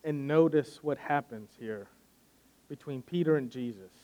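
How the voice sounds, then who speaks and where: A man's voice: medium pitch, measured pace, muffled recording. A man preaching a sermon, retelling a scripture story in a conversational way and often restarting with repeated words.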